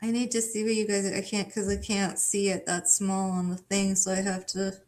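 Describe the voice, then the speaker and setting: A woman's voice: medium pitch, flat delivery, moderate pace, darkish tone. Woman, livestream host, casual storytelling, profane, rambling, frequent laughter. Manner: rambling, profane, laughs often, lots of fillers. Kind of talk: casual storytelling to a live chat.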